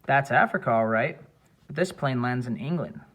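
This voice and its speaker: A man voicing a witty young mother who speaks in a soft, gently correcting way in an audiobook. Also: medium pitch, lively intonation, moderate pace. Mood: teasing. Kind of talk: audiobook character voice.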